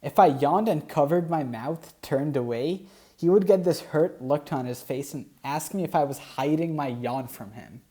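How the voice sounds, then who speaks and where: A man's voice: fairly high pitch, moderate pace, mellow. A man who comments on the online posts he reads aloud, with dry, sarcastic asides. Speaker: YouTube commentator.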